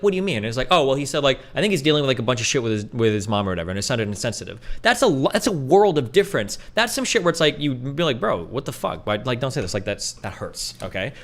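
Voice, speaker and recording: Guy ranting fast on a stream, swears a lot, pitch jumps all over. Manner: profane, animated, acts out quotes in a mocking voice. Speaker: podcast host. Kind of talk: heated casual commentary.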